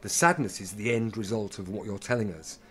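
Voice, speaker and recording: A man's voice: lowish voice, brisk, slightly rough. A middle-aged man chats as a podcast guest. He tells stories with plenty of laughter and acts out the people he quotes. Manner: animated storyteller, acts out quoted voices, laughs often. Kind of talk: casual anecdotal chat.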